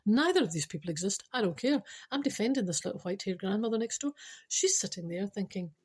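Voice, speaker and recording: A Scottish woman hosting a podcast, telling a comic story with spiritual advice in a chatty, animated way full of teasing asides. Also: medium pitch, quick pace, husky.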